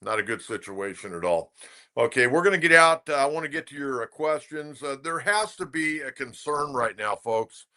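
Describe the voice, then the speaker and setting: Older male sports-radio host, bright, chatty, opinionated storyteller. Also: mid-range voice, animated, moderate pace. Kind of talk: casual sports talk commentary.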